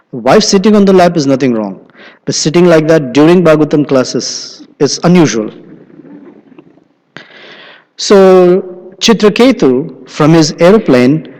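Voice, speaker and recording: A male preacher tells scripture stories in an animated way, his voice a little high for a man. He speaks in a temple hall. Long reverb trails each phrase. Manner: animated storyteller. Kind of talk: sermon storytelling.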